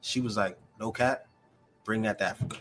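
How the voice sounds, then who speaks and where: A man's voice: fairly low pitch, fairly quick, soft background music. A man, a podcast guest telling stories in casual chat, full of slang and fillers. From Brooklyn, New York. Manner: animated storyteller, heavy slang and fillers. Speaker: podcast guest, cosplay creator.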